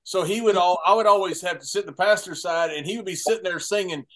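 A man recounts a road trip with plain enthusiasm. His voice sits higher than most men's. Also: fast, a bit bright. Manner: enthusiastic, admiring storyteller. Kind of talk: casual storytelling.

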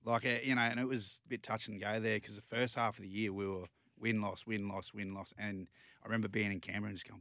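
An Australian man in his thirties, a rugby league player, talking in a relaxed, reflective way as a podcast guest. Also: fairly low pitch, fast, no echo, clean studio sound. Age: 30s. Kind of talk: casual interview chat.

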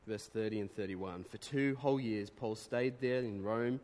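A man preaching a sermon, reading quotes aloud and breaking into animated exclamations. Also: lowish voice, normal speed. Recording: long reverb of a hall.

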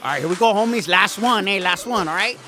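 A man's voice: high voice, fast talker, pitched above the performer's own voice, close to an everyday voice. A man playing an upbeat cholo fitness instructor who talks in a laid-back, slang-heavy way and keeps drawing out "homie.". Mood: pep talk.

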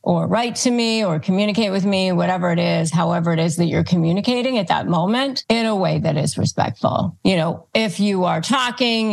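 A woman hosting an advice show, calmly teaching phrases and acting them out as examples. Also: fairly low pitch, vocal fry. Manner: calm, instructive, demonstrates phrases aloud. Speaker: host. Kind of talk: advice talk to camera.

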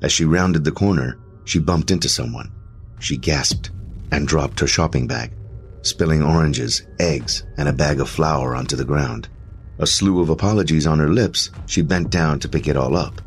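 A man's voice: extremely low pitch, moderate pace, a little hiss or hum. A man narrating a first-person horror story in an emotional, intense way.

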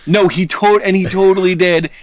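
A man's voice: sits high, fairly even intonation, moderate pace. A young man co-hosting a podcast, telling stories in casual chat, laughing and acting out quotes. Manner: laughing storyteller, acts out quotes. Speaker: podcast co-host.

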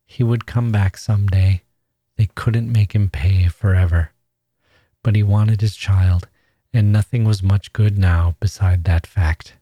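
A man, a podcast host, reading a classic short story aloud in a measured, even way. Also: fairly low pitch, no room sound.

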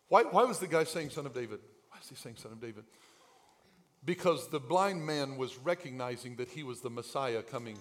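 Pastor guy preaching in church, high voice, goes from hushed to yelling. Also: moderate pace. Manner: preaching with big swings from quiet to shouted. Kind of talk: sermon.

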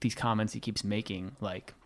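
A young man guest on a podcast, telling rambling stories in a relaxed, casual chat. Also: lowish voice, normal speed.

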